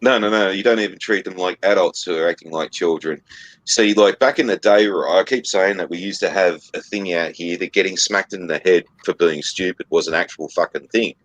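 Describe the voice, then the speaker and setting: A man's voice: deep voice, fairly quick, no echo, poor audio. Aussie guy going off on a sweary rant, dry close sound. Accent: Australian. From Australia. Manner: blunt, swearing, shouting into mock scolding. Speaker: podcast co-host. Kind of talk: profane rant.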